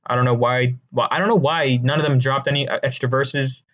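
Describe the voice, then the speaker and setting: A man giving casual, rambling commentary with a deadpan delivery, crude jokes and many fillers and restarts. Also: mid-range voice, fairly quick, muffled recording. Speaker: video creator ranking songs.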